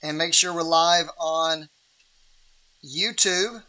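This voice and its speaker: A man's voice: on the high side, slow, bright, forceful tone. A man hosting a livestream Bible reading in a casual, rambling way, with many restarts and fillers.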